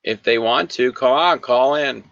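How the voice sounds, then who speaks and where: Casting: man, bright forward voice, giggly podcast host, dry lo-fi sound. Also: medium pitch, unhurried, creaky, dry recording. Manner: giggly, reads chat comments aloud. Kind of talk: casual chat, reading viewer comments. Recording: dull lo-fi sound.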